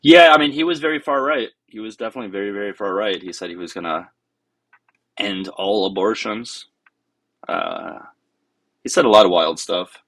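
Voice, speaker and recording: A man with a low, husky voice hosts a live debate stream. He is blunt and cuts callers off when they ramble. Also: moderate pace, fairly bright tone, dry recording. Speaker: livestream host.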